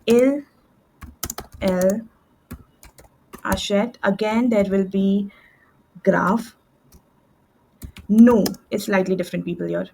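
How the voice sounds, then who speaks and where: A woman's voice: mid-range voice, fairly even intonation, slow pace, vocal fry, pauses often, warm tone, a little hiss or hum, rough recording. Woman walking thru french verbs on screen, lots of um and oops my bad, medium voice, desk mic. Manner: explains step by step with fillers and self-corrections. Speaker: French tutor. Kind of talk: screen-share language lesson.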